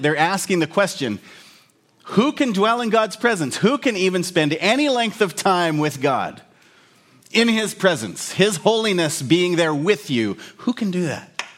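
A man's voice: a little high, fairly bright tone. A man preaching a sermon in a conversational, explanatory way with humorous asides. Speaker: pastor.

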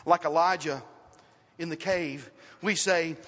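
A man preaching a sermon to a congregation in church, reading scripture and telling stories in an animated way. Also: sits high, measured pace. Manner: animated storytelling with scripture quotes. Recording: reverberant hall.

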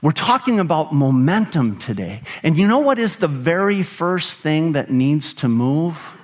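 A man's voice: fairly high pitch, big pitch swings, unhurried. A middle-aged man preaching a sermon as pastor, emphatic, with rhetorical questions and rising emphasis on key phrases.

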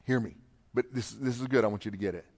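A male pastor preaching a sermon, swinging from quiet, low asides to loud, repeated shouted refrains. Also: fast.

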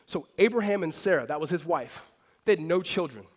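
A male pastor preaching through a scripture passage, telling the story in a lively, conversational way with casual fillers. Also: on the high side, brisk. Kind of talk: expository sermon.

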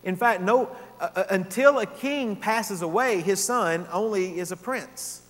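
A man's voice: sits high, measured pace, a bit bright. A man preaching an expository sermon, teaching earnestly and rising in emphasis on key points. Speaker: pastor. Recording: long hall reverb.

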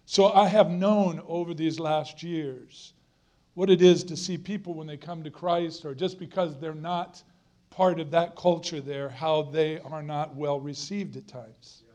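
High-voiced earnest male preacher. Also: fairly even intonation, a little slow, warm tone. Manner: earnest, emphatic, repeats phrases for stress. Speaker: guest preacher. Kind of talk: sermon.

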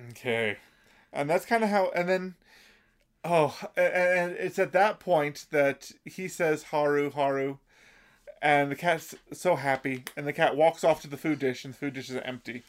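A man's voice: on the high side, moderate pace. A man in casual chat, recapping an episode for a co-host, laughing often and restarting his sentences. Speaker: podcast co-host.

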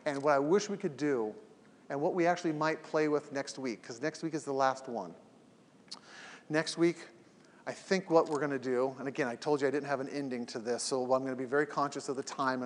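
A man's voice: mid-range voice, long reverb tail. A man teaching a weekly evening class in an earnest, emphatic way, acting out everyday quotes as he goes. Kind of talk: live talk to a class, later posted as a podcast.

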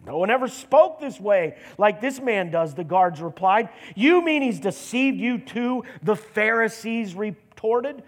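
A man preaching a sermon, animated, acting out the lines of Bible characters as he retells the story. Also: high-pitched, measured pace, hardly any pauses. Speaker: pastor.

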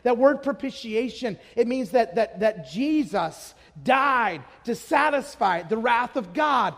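A man's voice: extremely high pitch, animated, slow pace, gravelly, hardly any pauses, fairly bright tone, big-room sound. A man from Idaho preaching a sermon, telling stories and asking the audience rhetorical questions, building to emphatic declarations.

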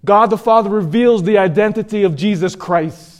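A man giving an emotional sermon testimony, pleading, with halting repetitions as he tells his story. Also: sits high.

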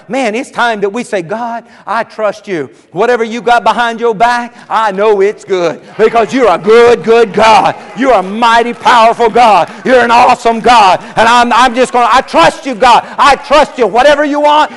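A man with a very high, piercing voice preaches, heating up into shouted, repeated lines. His words ring out with a long echo through a large hall. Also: moderate pace. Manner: fervent, building to shouts, repetitive cadences. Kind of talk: sermon.

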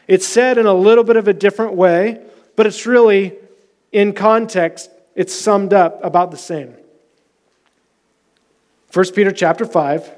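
A man preaching a sermon as pastor, passionate and emphatic, dropping soft at times. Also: high voice.

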